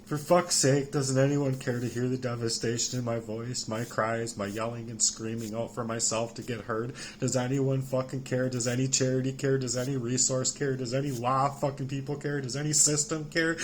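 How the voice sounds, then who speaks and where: A man in his forties delivering an angry personal rant, heavily profane, swinging between shouting and low muttering. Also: level tone, moderate pace, few pauses, a little hiss or hum. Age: 40s.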